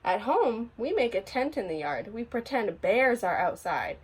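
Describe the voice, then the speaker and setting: A woman reading a children's picture book aloud in an expressive storytelling voice. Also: a little high, a little slow, slightly rough. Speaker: storybook reader.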